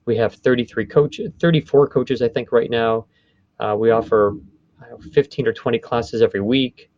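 A man's voice: medium pitch, steady tone, normal speed, darkish tone, no room sound. A man talking through how the voiceover business works, explaining at length and often backing up to rephrase. His voice sits in a middle range. The recording is dry and a little dull. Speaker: voice studio owner. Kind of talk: conversational interview.

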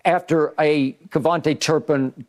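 Male sports talk host, slightly high voice, emphatic, stammering repetitions. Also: fairly even intonation, measured pace, darkish tone. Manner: emphatic, repeats words at starts, rhetorical questions. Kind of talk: animated football analysis chat.

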